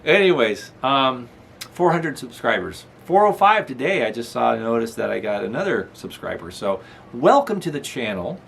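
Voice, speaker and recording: Chatty, animated middle-aged man. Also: medium pitch, moderate pace, vocal fry, a little hiss or hum. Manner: rambling, chuckling, talks baby-talk to his dog. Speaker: channel host. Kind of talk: casual vlog chat. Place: apartment room.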